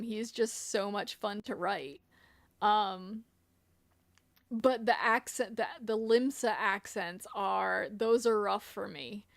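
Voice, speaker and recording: A woman's voice: on the high side, a bit bright, no echo. A woman streaming a video game, chatting casually with giggly, self-deprecating asides. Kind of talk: casual gameplay commentary.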